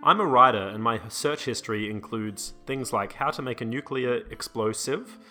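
A man's voice: medium pitch, moderate pace, bright, forceful tone, soft background music. A man co-hosting a podcast, giving advice to listeners in a playful, joking way. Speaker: podcast co-host. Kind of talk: casual advice chat.

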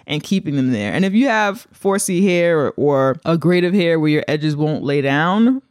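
A woman's voice: deep voice, lively intonation, normal speed, darkish tone, no room sound. A woman co-hosts a podcast in casual chat, talking in long, rambling runs. She leans hard on her points with plenty of emphasis. Her voice sounds close and dry. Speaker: podcast co-host.

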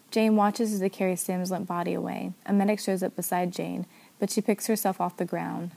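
A woman narrating a story aloud in a steady, even manner. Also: fairly low pitch, fairly quick, gravelly. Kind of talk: story reading.

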